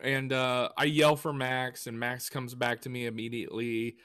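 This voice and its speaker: A man chats casually on a podcast, telling stories with animated quoted lines. His voice sits in a middle register. The sound is dry and close, with no room sound. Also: medium pitch, moderate pace, clear, resonant tone, no room sound. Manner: animated storyteller who acts out quotes. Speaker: podcast co-host and woodworker. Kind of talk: casual chat.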